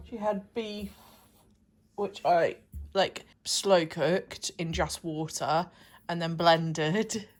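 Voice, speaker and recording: A young mother chatting casually to camera in a home vlog, thinking aloud and talking to her baby in a sing-song voice. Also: mid-range voice.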